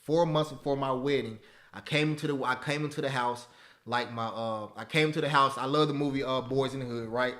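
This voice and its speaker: Animated, bright-voiced man teaching a webinar. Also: medium pitch, brisk. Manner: animated and preachy, with repeated phrases and tag questions. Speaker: webinar host teaching stock options. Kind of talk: live webinar talk, motivational.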